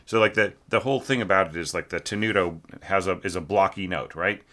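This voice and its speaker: Offering a casual critique of a score, an orchestration teacher speaks haltingly, full of fillers, and sings phrases to illustrate his points. His voice is low with a fairly bright tone.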